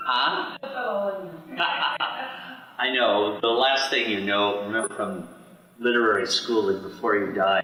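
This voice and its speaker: A man's voice: lively intonation, pushed and bright. Man teaching poetry in an echoey room. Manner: unhurried, explains and reads verse aloud with many fillers. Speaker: study session leader. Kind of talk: teaching poetry to a small group. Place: room with a small study group. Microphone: boom mic. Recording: roomy hall, boom mic from a distance.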